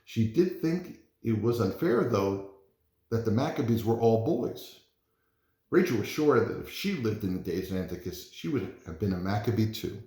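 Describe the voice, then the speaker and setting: Dad reading a kids' picture book out loud, lively up-and-down voice, echoey room. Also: male voice, fairly low pitch, moderate pace. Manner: expressive, animated storytelling. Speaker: parent reading aloud. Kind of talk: storybook read-aloud. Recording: roomy echo.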